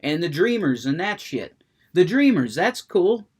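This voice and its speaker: In a high-pitched, very animated voice that is a little mellow and slightly rough, an adult smoker unleashes a profanity-laden rant, working himself up before shifting to talk about the video game he's playing. He keeps a measured pace.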